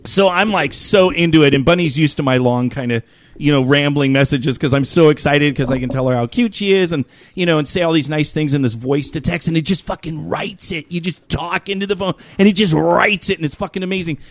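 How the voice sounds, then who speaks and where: A man's voice: on the high side, brisk, no room sound. A man in his fifties telling a long, profane, rambling story as a regular on a talk show. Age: 50s. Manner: animated, profane, rambling with many fillers.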